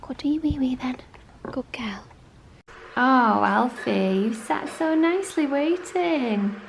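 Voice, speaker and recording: A young woman, a vlogger, talking to her dogs at home in doting sing-song baby talk, with gasps and soft whispers. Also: a little high, vocal fry, a little hiss or hum. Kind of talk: casual vlog chat to her dogs. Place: home, indoors.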